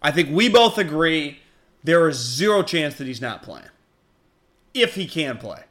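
Animated man in casual sports talk. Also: on the high side, measured pace. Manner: animated, swings into loud excited bits. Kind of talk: casual sports radio chat.

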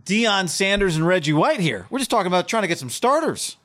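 A man's voice: high voice, big pitch swings, a little fast, a bit bright. A man co-hosting a sports podcast in easygoing, joking banter. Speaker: podcast co-host. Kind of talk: casual sports chat.

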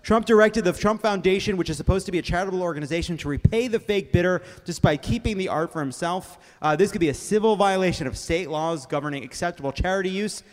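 High-voiced comedy host in a reverberant hall. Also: male voice, fast, few pauses. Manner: energetic, breaks into laughter. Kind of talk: live comedy news monologue. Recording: reverberant live venue.

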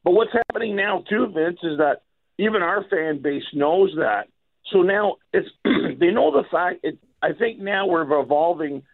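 Rambling throat-clearing man on a tinny line. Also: high voice, lively intonation, a little slow. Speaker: comedian guest. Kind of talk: casual radio chat. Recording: tinny phone-like sound.

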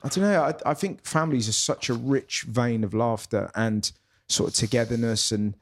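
A comedian guest in a casual pub chat, talking in a loose, reflective way with phrases that trail off. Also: male voice, medium pitch, moderate pace.

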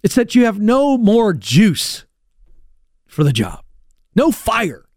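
A man's voice: sits high, huge pitch swings, takes it slowly, no echo, clean studio sound. A man hosting a career advice show, talking emphatically and with a coach-like push. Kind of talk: energetic talk-show monologue.

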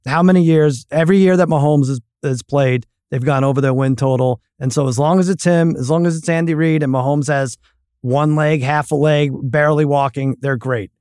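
Wry man, fairly high voice, sports banter. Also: steady tone, a little mellow, no echo, clean studio sound. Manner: wry, joking, quick reactions. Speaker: podcast guest. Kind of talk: casual sports chat.

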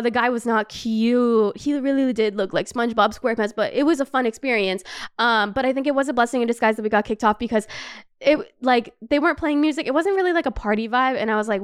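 A young woman hosting a podcast, telling a story in a lively, casual way, swearing and laughing often and saying "like" a lot. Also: fairly high pitch, a little fast, clean tone. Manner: animated, swearing, laughing, heavy use of "like". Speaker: podcast host.

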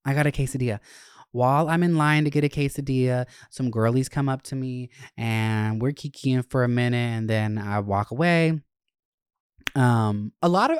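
A young man hosting a podcast, telling a casual story in a profane, animated, chatty way. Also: medium pitch, smooth, dry recording, clean studio sound. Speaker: podcast host.

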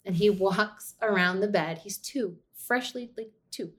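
A woman's voice: medium pitch, measured pace, fairly bright tone. A woman guest on a podcast, telling a personal story in a chatty way, full of "like" and "you know". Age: adult mother of two. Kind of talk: casual birth-story telling.

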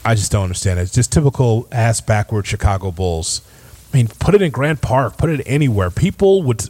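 A man's voice: medium pitch, mellow. Exasperated male sports podcast host. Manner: exasperated, emphatic, ranting. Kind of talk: opinionated sports commentary.

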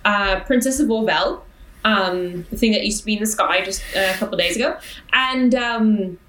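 A woman's voice: mid-range voice, moderate pace, a bit bright, reverberant, a little hiss or hum, poor audio. A woman playing a tabletop game, speaking in character in a casual, hesitant, polite way. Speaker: player. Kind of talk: in-character role-play.

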